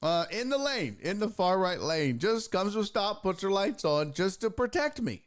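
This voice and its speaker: A man's voice: high voice, moderate pace. A man, hosting a sports talk stream and telling a long, profane story in a rambling, casual way. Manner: profane, rambling anecdote with lively impressions. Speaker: sports talk show host.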